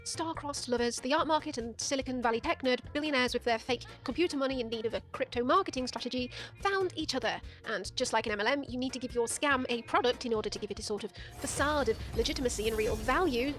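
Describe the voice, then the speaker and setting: A woman's voice: high-pitched, fast talker, a bit bright, soft background music. A woman giving sarcastic, profane commentary as the host of a video essay. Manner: sardonic, profane, mocking.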